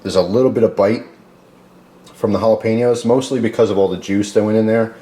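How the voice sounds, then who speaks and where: A man hosting a casual home cooking video, talking loosely with many fillers and pausing to taste. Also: on the low side, fairly even intonation, mellow. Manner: rambling, loose, tasting food mid-talk with filler words.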